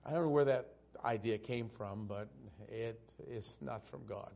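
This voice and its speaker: A male pastor preaching a sermon, swinging from loud, emphatic peaks down to hushed, tender passages. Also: mid-range voice, measured pace, vocal fry.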